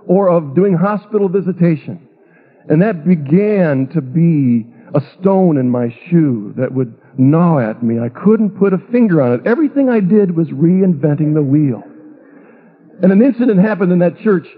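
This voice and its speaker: Middle-aged pastor guy, joking at his own expense, husky voice, sounds like an old phone-line radio broadcast. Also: a little high. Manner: humorous, self-mocking storyteller. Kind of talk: storytelling testimony talk.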